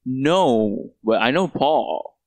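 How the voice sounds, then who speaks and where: A man's voice: mid-range voice, animated, very slow, dry recording. A young man co-hosting a podcast, reacting with playful teasing. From Indonesia. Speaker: podcast co-host. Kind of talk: casual chat.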